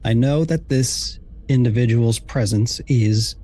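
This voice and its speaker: A man voicing a grave older male military commander who speaks in a measured, solemn way. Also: mid-range voice, warm tone, soft background music, natural voice.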